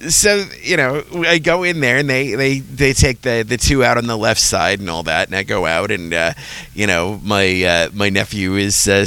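A man's voice: fairly low pitch, sharp tone, smooth. A man hosting a casual chat who tells funny stories and laughs often. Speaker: podcast co-host.

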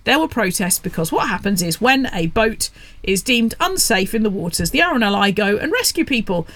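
A woman's voice: mid-range voice, very animated, brisk, a bit bright, no room sound. A woman from England presenting a radio show, talking in a rambling, chatty way with sarcastic asides. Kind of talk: casual radio monologue.

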